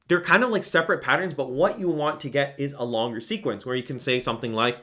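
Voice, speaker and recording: A man talks fast in a bright, forceful mid-range voice, barely pausing, as he teaches Quran recitation online. He explains with casual enthusiasm, often checks in with "right?", and breaks into melodic chanting to illustrate.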